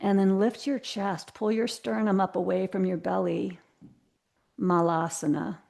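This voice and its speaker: A woman teaching a live yoga class over a video call, giving slow, gentle cues with soft asides. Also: medium pitch, level tone, vocal fry.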